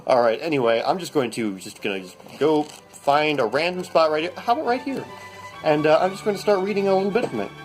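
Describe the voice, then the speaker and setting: A man hosting a comedy bit, reading a novel aloud in mock-serious deadpan, rambling and stammering through his asides. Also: on the high side, fast talker, soft background music. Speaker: comedy host.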